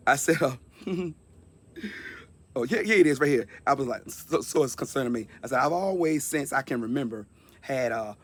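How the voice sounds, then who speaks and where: 50s guy telling his testimony, raspy gravelly voice, earnest and talky, repeats himself for emphasis. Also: mid-range voice. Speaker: speaker sharing a personal testimony. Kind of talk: personal testimony monologue.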